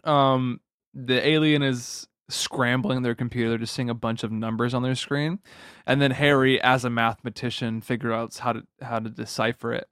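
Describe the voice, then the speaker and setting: A man with a smooth, resonant voice walks through a movie plot from his notes and often chuckles. His speech is easygoing, and the recording is dry and close. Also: medium pitch, flat delivery, normal speed, a bit bright, no room sound. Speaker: podcast co-host. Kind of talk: casual movie recap chat.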